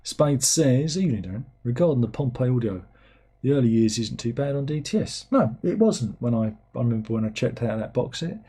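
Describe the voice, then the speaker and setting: A man's voice: mid-range voice, expressive, fairly quick, mellow, slightly rough. A middle-aged man, hosting a livestream in casual chat. He rambles and mocks himself as he reads out viewers' comments. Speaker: livestream host.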